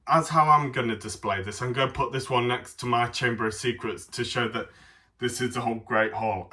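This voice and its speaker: A man's voice: mid-range voice, bright, forceful tone. A young man giving a casual review of a toy set, rambling and hesitant with many ums.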